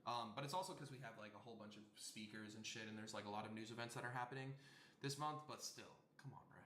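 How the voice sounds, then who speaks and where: A man's voice: lowish voice, fast talker, sharp tone. A young man vlogging about his clothing brand in a rambling, joking way, with plenty of swearing. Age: young adult. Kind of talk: casual vlog chat. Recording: roomy with faint background noise.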